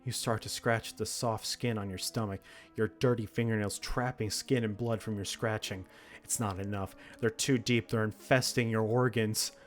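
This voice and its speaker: Low-voiced man narrating a horror game. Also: steady tone, normal speed, soft background music. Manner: dramatic narration broken by laughs and reactions. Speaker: game streamer. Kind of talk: reading a text horror game aloud with commentary.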